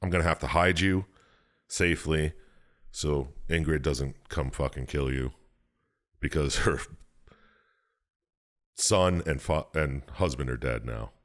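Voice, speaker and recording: Deep-voiced man casually recapping a plot. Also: unhurried, long pauses. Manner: rambling, profane, slips into exaggerated high voices for characters. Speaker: podcast co-host.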